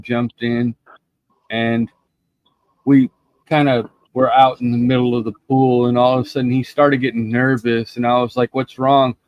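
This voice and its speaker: A man's voice: medium pitch, no room sound. A man with an ordinary mid-range voice hosts a loose chat and tells stories with energy, acting out every quote. His mic sounds dry and close. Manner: animated storyteller, acts out quotes. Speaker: host. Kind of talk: casual livestream storytelling.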